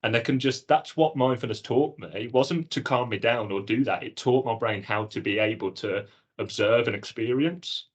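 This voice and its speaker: A man co-hosting a podcast, telling his own experience in an earnest, animated way. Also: medium pitch, moderate pace, husky. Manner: earnest, animated storytelling with acted-out inner dialogue. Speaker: podcast co-host. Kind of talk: casual chat.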